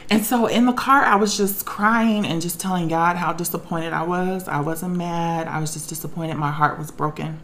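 A woman's voice: fairly low pitch, fairly even intonation, moderate pace, hardly any pauses, fairly bright tone, slight background noise. A woman on the verge of tears, telling a personal story in an emotional, emphatic way as a podcast co-host. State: close to tears.

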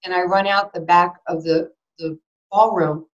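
A woman in her sixties recounts a personal story in an interview, lively and animated. She restarts her sentences often and acts out both sides of each conversation. The recording sounds a little dull and lo-fi. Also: fairly low pitch, normal speed. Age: 60s. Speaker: former basketball player and sports broadcaster. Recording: slightly dull lo-fi audio.

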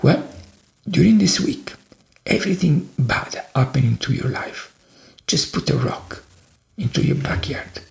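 A man's voice: mid-range voice, expressive, a little slow, vocal fry, long pauses, roomy sound. A man voicing a patient bishop who speaks in a soothing, reassuring way. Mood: coaxing. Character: calm, patient male bishop.

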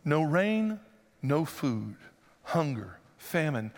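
A man preaching a sermon as pastor, conversational and joking, then rising to loud emphatic passages. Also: a little high, animated, slow pace, long reverb tail.

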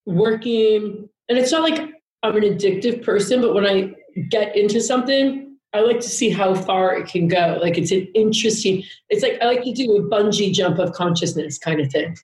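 A woman guest on a podcast tells a long personal story in a candid, rambling, casual way, swearing freely. Her mid-range, darkish voice moves at normal speed, captured in an echoey room on a low-quality recording.

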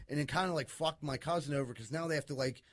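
A man telling a profane, animated story in casual chat among friends. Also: a little high, quick pace, no room sound, clean studio sound.

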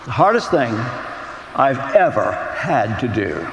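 A man preaching a sermon, earnest and storytelling, with dramatic pauses. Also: medium pitch, very animated, vocal fry, a bit bright, echoey room, in a large hall, a little hiss or hum, low-quality recording. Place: big top tent.

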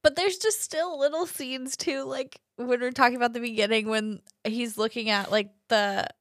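A woman's voice: fairly high pitch, fairly even intonation, normal speed, fairly bright tone, dry recording, clean studio sound. A woman co-hosting a podcast, chatting about a film and laughing often. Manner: giggly, chatty. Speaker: podcast co-host. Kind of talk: casual film discussion.

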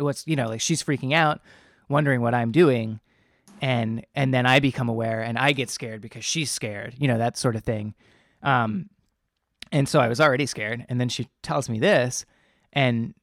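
Rambling earnestly through a personal story, a young man keeps restarting and leaning on fillers. His pitch sits in the middle range, and the close, dry recording carries no echo or room sound.

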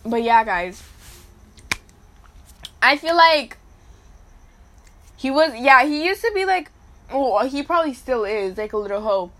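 High, bright young woman ranting crudely. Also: expressive, unhurried, pauses often. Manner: blunt, crude, slangy and profane, talks straight to her listeners. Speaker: podcast host. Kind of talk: casual storytelling podcast.

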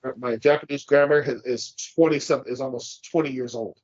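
Man, podcast co-host, husky, profane ranting, dry dull lo-fi recording. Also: mid-range voice, steady tone, fairly quick, dry recording. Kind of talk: casual podcast chat.

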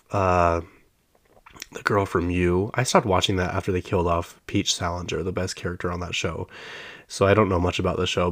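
A man's voice: low voice, fairly bright tone. A man hosting his own podcast from home, chatting casually and rambling off topic with lots of fillers. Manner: chatty storyteller who laughs often. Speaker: podcast host. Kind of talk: casual solo podcast chat.

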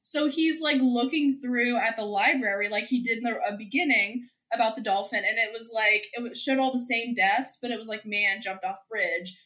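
A woman's voice: a little high, moderate pace, few pauses, a bit bright. A woman chatting casually about a film, rambling and laughing through her asides. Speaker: co-host discussing a film. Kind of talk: casual chat.

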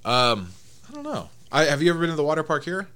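A man's voice: on the high side, huge pitch swings, quick pace, pushed and bright. A man co-hosting a podcast, chatting in an easygoing, hesitant way. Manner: easygoing, hesitant, many restarts. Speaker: podcast co-host. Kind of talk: casual chat.

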